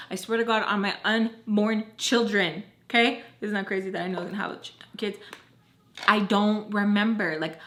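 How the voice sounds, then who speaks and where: A young woman telling a personal story in casual vlog style, animated and acting out what others said. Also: medium pitch. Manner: animated, acts out quotes, says "like" often. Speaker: storytime vlogger.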